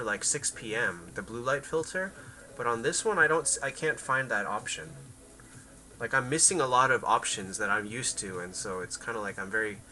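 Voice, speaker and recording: A man's voice: fairly low pitch, pushed and bright, rough recording. A man chatting casually on a game livestream, rambling to his viewers and his cat. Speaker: game streamer.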